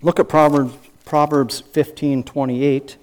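A man's voice: fairly high pitch, fairly even intonation, measured pace, a little mellow. A man preaching a sermon as a pastor and counselor, emphatic, with repeated phrases and rhetorical questions.

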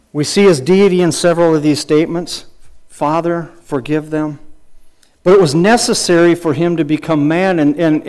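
A man's voice: a little high, a little mellow. A middle-aged man preaching a sermon, asking questions and quoting scripture, with frequent restarts and small chuckling asides. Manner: earnest teaching with rhetorical questions and scripture quotes. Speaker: pastor.

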